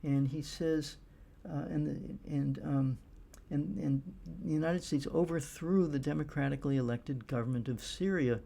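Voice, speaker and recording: A middle-aged man giving casual monologue commentary, halting often with fillers and restarts. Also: fairly high pitch, creaky, dark tone. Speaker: political commentator.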